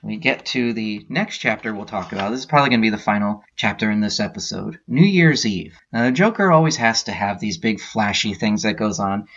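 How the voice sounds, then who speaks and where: A man's voice: lowish voice, lively intonation, fairly quick, hardly any pauses, fairly bright tone. A man hosting a podcast, casually retelling a comic book story scene by scene with plenty of filler words. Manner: retells scenes with quoted lines, many uh fillers. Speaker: podcast host. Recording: dull lo-fi sound.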